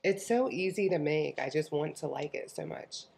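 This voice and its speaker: A woman's voice: deep voice, moderate pace, vocal fry, darkish tone. A woman chatting casually at home on a diet vlog, chiming in and laughing easily. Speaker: co-host of a keto vlog channel. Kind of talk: casual chat.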